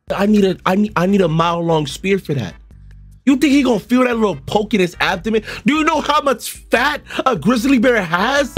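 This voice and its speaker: A young man with a fairly high voice riffs through comedic reaction commentary. He talks in an animated, exaggerated way, swears freely and jumps into sudden loud outbursts. Faint music sits quietly underneath. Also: breathy edge. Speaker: online video host reacting to a video.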